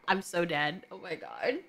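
A woman giving casual reaction commentary as a video reviewer, animated and incredulous, with laughing, profane asides. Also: on the low side, slight background noise.

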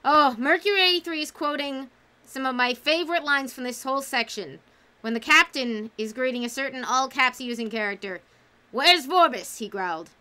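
A woman's voice: high voice, a little fast, pushed and bright, smooth. A woman hosting a casual livestream book club, talking enthusiastically and reading out chat comments.

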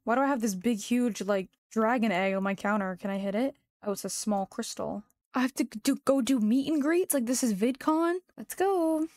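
A woman's voice: a little high, normal speed, darkish tone, no room sound, studio quality. Sassy young woman joking through a game. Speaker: gaming YouTuber. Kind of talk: casual gameplay commentary.

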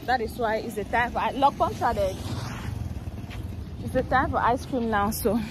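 A woman's voice: on the high side, normal speed. A young woman from Cameroon talking casually into her phone while walking along a busy city street, shy and laughing often. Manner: chatty, self-conscious, laughs often. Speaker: vlogger. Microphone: phone held while walking. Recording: phone recording with loud street traffic. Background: cars and motorbikes passing.

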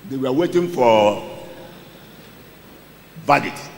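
A male pastor preaching a sermon, calling out Bible verses for a reader to read and repeating them, with loud exclamations and quiet asides. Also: animated, slow pace, vocal fry. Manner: dramatic, swings from loud exclamations to low asides. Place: church hall. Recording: echoey church hall.

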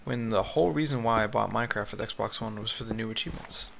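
Talking himself through casual Minecraft commentary, this gaming YouTuber rambles and yawns between tasks in a gravelly, fry-laden voice that is lowish, fast, and fairly bright. His headset mic picks up clear background noise and clattering keyboard typing and clicks, suggesting a noisy home gaming setup.

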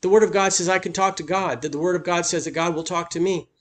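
Man, pastor, sermon, emphatic preaching, slightly high voice. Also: steady tone, quick pace. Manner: emphatic preaching, voice lifting on key points.

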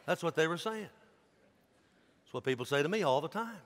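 A man, a pastor preaching a sermon in an animated, dramatic storytelling manner. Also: on the high side, fairly quick, long pauses. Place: large church sanctuary. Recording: long church hall reverb.

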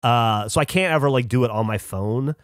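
A man's voice: mid-range voice, brisk, no room sound. Guy ranting on a podcast, swears nonstop, dry close mic. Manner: swears a lot, ranting storyteller. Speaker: podcast co-host. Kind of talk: casual chat. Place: podcast studio.

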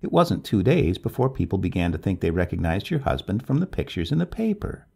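A man voicing an anxious, gossipy middle-aged woman neighbor in a high falsetto, for a storybook reading. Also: big pitch swings, fairly quick, vocal fry, mellow, husky, full character voice. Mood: urgent.

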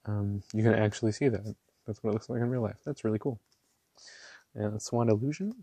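A man gushing over ink swatches in a casual vlog, excitable and quick to laugh. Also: lowish voice, breathy edge, no room sound. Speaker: ink reviewer. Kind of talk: casual show-and-tell vlog. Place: small home room.

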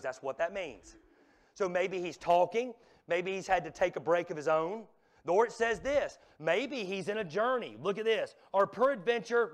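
A man preaching a revival sermon in a church, swinging from loud exhortation to hushed, near-whispered lines. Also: high-pitched. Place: church sanctuary.

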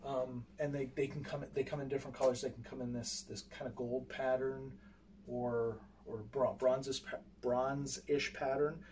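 A man's voice: medium pitch, level tone, normal speed, darkish tone. A man showing his own telescope gear in an unscripted how-to, rambling and hesitant, full of fillers and restarts while he handles the equipment. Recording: distant mic with faint background noise.

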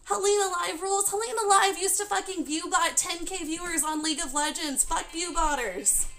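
A high, bright woman's voice ranting hard at her stream chat. Her tone is heated and cutting, and she swears often. She is blunt and sharp-edged. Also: normal speed, soft background music. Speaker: live streamer. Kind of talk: angry rant at her chat.

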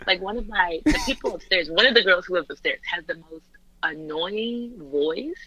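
A woman's voice: on the low side, quick pace, crowd noise, rough recording. A woman guest in casual chat, talking with lots of fillers and frequent laughter from her apartment. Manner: chatty, laughs often, many fillers.

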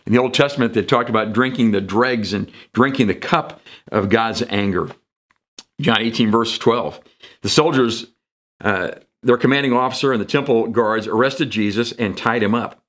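Guy pastor preaching sunday sermon, chatty, mid pitch, does little voices for the bible folks. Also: normal speed, a bit bright. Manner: conversational, jumps into quoted voices for emphasis. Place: church sanctuary.

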